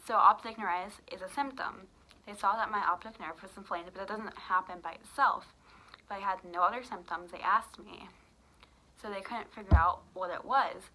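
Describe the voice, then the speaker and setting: A woman's voice: mid-range voice, normal speed, pushed and bright, low-quality recording. A young woman vlogger telling a casual storytime, chatty with lots of fillers, acting out what each person said. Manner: chatty, many fillers, acts out quoted dialogue.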